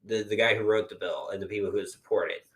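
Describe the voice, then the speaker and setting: Low-ish guy podcasting, loose rambly chat, lots of ums. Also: steady tone, quick pace. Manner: rambling, filler-heavy, swears for emphasis. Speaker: podcast co-host. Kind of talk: casual chat.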